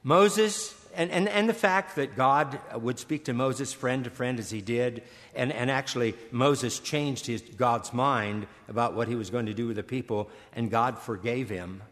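A man's voice: medium pitch, a bit bright. Older preacher man in an echoing hall. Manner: earnest, repeats words when moved, swells and slows on key phrases. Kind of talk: sermon. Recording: long hall reverb.

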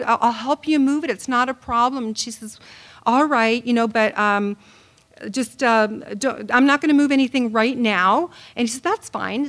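A middle-aged woman with a high voice tells a story in a sermon. She is animated and acts out each quoted voice as she goes. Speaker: Bible teacher.

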